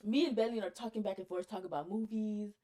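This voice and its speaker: A woman podcast co-host telling a story in casual chat, animated, laughing often and swearing casually. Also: mid-range voice, fast.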